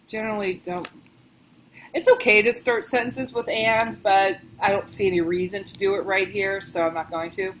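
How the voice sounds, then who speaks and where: A woman working as a book editor, reading passages aloud and thinking out loud in a casual, chatty way as she comments on them. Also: medium pitch, steady tone, moderate pace, slight background noise, low-quality recording.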